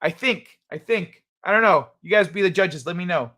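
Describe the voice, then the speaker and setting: A man's voice: sits high, lively intonation, moderate pace, sharp tone. A man hosting a casual livestream, rambling and joking with his chat. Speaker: livestream host.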